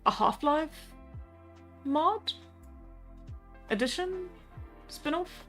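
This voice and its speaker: A woman's voice: sits high, lively intonation, very slow, a bit bright. A young South African woman hosting a live stream, chatting casually and laughing often while answering chat. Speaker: livestream host. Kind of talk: casual chat, reading out chat comments. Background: faint background music.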